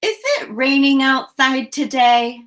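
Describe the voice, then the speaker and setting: A woman teacher leading a children's phonics lesson, giving slow, clearly enunciated prompts and cheerful praise. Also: high voice, little pitch movement, a bit bright.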